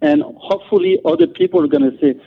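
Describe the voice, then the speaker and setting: A man's voice: extremely high pitch, wildly swooping pitch, fast, creaky. A man with a French accent, a native French speaker, talking as a guest in an interview with many restarts and fillers. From France. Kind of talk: interview on a call. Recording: tinny phone line.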